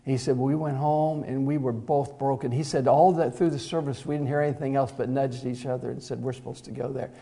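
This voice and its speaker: A middle-aged man preaching in an easy, folksy way, telling a story to his congregation. His voice is mellow and warm, at an ordinary pitch for a man. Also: steady tone, fairly quick, vocal fry, few pauses. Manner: folksy, conversational storytelling with fillers and repeated "he said". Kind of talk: sermon with storytelling.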